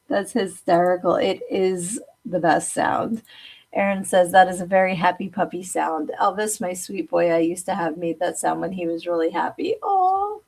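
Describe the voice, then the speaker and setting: A woman's voice: on the low side, steady tone, measured pace, creaky, darkish tone. A woman hosting a live stream in a casual, chatty way, reading viewer comments aloud and laughing often. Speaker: host.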